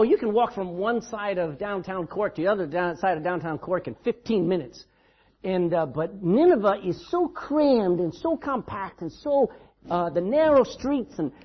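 Emphatic preacher man, husky and lively. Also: high voice, lo-fi sound. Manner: emphatic, dramatic storytelling preacher. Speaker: pastor. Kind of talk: sermon. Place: church.

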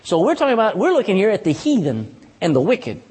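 A male preacher delivers a folksy, animated sermon in a high voice that swings strongly in pitch, talking fast and repeatedly tossing "amen?" back to the pews. His words ring through a church with a long, lingering reverb.

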